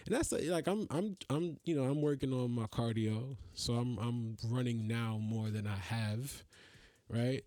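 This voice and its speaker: A man's voice: medium pitch, unhurried, warm tone, no echo. A man hosting a podcast, ranting in a casual, profane, exasperated way. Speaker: podcast host. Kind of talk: casual solo rant.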